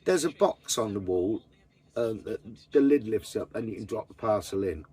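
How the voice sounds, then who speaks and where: Man, husky voice, blunt sweary rant, casual van vlog. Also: on the low side, expressive, moderate pace, dark tone. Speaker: vanlife vlogger. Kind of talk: casual chat to camera. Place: inside a camper van.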